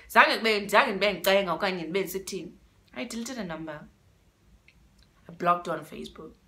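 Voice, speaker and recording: A woman's voice: mid-range voice, sharp tone. A young woman with a South African accent telling a story-time vlog, emotional and dramatic, repeating words for emphasis. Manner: emotional and dramatic, switching between English and isiXhosa. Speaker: vlogger.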